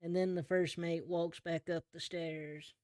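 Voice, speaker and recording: A man running a tabletop game as game master, narrating in an easygoing, slow descriptive way. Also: fairly high pitch, level tone, a little mellow, smooth, dry recording.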